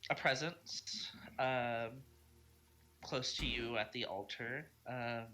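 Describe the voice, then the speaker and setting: A man running a tabletop game over voice chat, talking slowly and pausing often with ums and uhs. His tone is bright and clear, his pitch middling. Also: steady tone. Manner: hesitant, many ums and uhs. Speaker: game master. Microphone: online voice chat.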